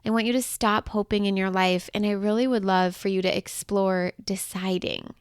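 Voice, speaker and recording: A woman's voice: mid-range voice, steady tone, moderate pace, clean tone, dry recording, studio quality. A woman hosting her own podcast as a breakup coach, talking in a gushing, affectionate, upbeat way, chatty with little laughs. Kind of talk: solo podcast monologue.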